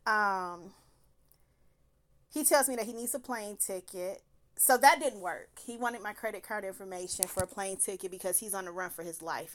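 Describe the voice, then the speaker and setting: A woman telling a personal story in a casual, animated way, laughing often and slipping into quoted voices. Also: medium pitch.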